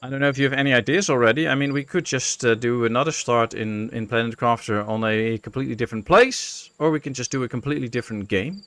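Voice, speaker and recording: A Dutch gaming streamer with a mid-range voice talks quickly with few pauses while playing a colony-building game. He chats with viewers in a relaxed way, musing aloud with lots of fillers.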